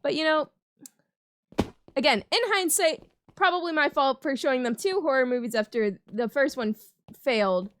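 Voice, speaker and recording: A high-pitched young woman hosting her own gaming channel. She tells a story in a rambling, chatty way and keeps breaking into giggles. Her speech is loose, with frequent restarts. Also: moderate pace, long pauses, a bit bright, no echo, clean studio sound. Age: young adult. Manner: giggly, laughs often mid-sentence. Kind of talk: casual storytelling over gameplay commentary.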